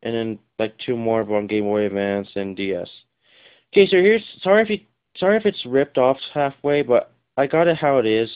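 A man talks through his game collection in a loose, rambling way, full of fillers and little apologies. His voice is smooth and of middling pitch. The home camera audio sounds dull and lo-fi. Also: sing-song, normal speed. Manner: rambling, apologetic, many fillers and self-corrections. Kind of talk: casual video-game collection vlog.

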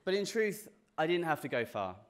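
A young British man gives a class day speech as the graduating student speaker, talking at a moderate pace in a fairly high voice with wide pitch swings. He's earnest but pokes fun at himself, and he often restarts and repeats words.

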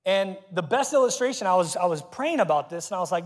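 A middle-aged man preaching a lively, conversational sermon to a congregation, breaking off and restarting his sentences. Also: high-pitched, fast, soft background music. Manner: energetic, conversational, self-interrupting. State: getting out of breath. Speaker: pastor. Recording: reverberant church hall.

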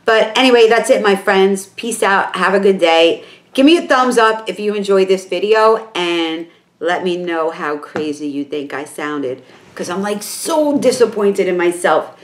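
Woman, New York accent, makeup vlogger, excitable, rambling, lots of fillers, mid-pitched voice. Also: a little slow. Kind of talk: casual chat to camera.

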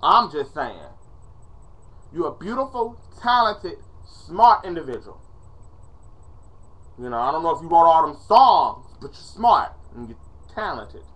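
A man's voice: on the high side, sing-song, measured pace, long pauses, a bit bright, highs cut off. A man ranting in a casual vlog, dramatic and profane, pleading in exasperation, recorded on a webcam at home. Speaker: vlogger. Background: faint music playing.

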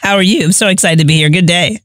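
A woman guest on a podcast, answering questions in an upbeat, quick, matter-of-fact way. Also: on the low side, a bit bright, no room sound, clean studio sound. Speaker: podcast guest, gaming association founder. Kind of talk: interview answers.

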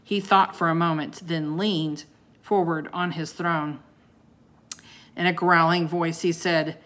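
A woman reading a children's book aloud, expressive and giving each character a voice. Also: low-pitched, a little slow. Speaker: audiobook reader.

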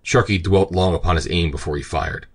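Male audiobook narrator, scripted narration, measured pacing, very deep voice. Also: slightly rough. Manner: steady, measured storytelling.

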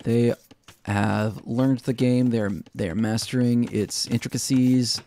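A man's voice: medium pitch, steady tone, slow, dark tone. A young man giving casual, chatty commentary on a strategy game, poking fun at himself. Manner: chatty, self-mocking, laughs at own jokes. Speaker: game caster.

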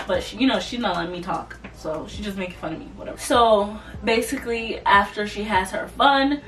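A young woman casually telling a storytime vlog, animated and loose, slipping into mocking voices. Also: mid-range voice, a little fast, few pauses. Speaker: vlogger. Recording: voice a bit far from the mic, soft music behind.

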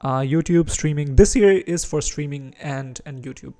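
A man's voice: on the high side, moderate pace, mellow. A man from India with an Indian English accent mixed with American and British touches, chatting casually while streaming chess and reacting to his moves.

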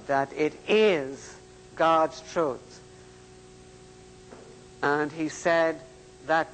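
An older man preaching in a slow, emphatic, deliberate way. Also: on the high side, a bit bright, big-room sound, slight background noise, poor audio. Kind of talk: sermon-style lecture.

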